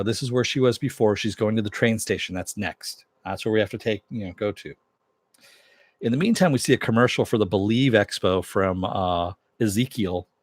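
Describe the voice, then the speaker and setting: With a fairly low-pitched voice and no echo on the recording, a man reviews a TV episode in a casual, rambling recap, retelling scenes as quoted dialogue and swearing plenty.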